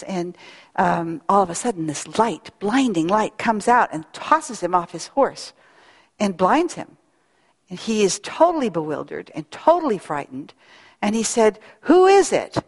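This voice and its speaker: Middle-aged woman, spiritual speaker; unhurried, reflective delivery; hall reverb. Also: on the low side, big pitch swings. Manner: earnest, reflective, slow pauses. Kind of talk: devotional talk with storytelling.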